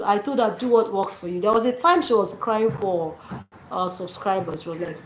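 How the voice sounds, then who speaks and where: A woman's voice: medium pitch, animated, a little fast. A woman giving her viewers casual, preachy motivational advice and calling them dearies. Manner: encouraging, preachy, addresses viewers as dearies and sis. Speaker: YouTube channel host. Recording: echoey room with faint noise.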